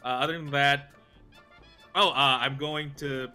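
A man co-hosting a casual podcast, excitable and animated. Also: mid-range voice, measured pace, faint music behind. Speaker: podcast co-host. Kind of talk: casual chat.

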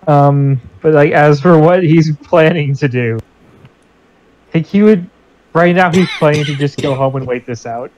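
A man's voice: a little high, unhurried, a little mellow. A man playing in a casual tabletop role-playing session, laid-back and chuckling. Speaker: player. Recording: dull lo-fi mic.

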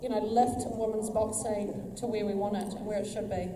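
A woman's voice: medium pitch, fairly even intonation, normal speed. A woman, an event promoter and debut boxer, speaking casually with easygoing fillers. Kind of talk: casual weigh-in remarks. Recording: long reverb, far mic, background noise.

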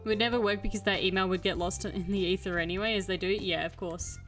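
A woman's voice: mid-range voice, fairly even intonation, quick pace, faint music behind. A young woman chatting casually while streaming a game, telling an exasperated story. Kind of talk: casual gameplay chat.

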